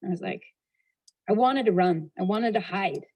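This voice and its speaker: A woman giving a motivational talk, telling a personal story with a lively, expressive delivery. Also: medium pitch, moderate pace, husky, lo-fi sound. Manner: expressive storyteller, shifting pace and loudness, laughing at herself. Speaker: motivational speaker.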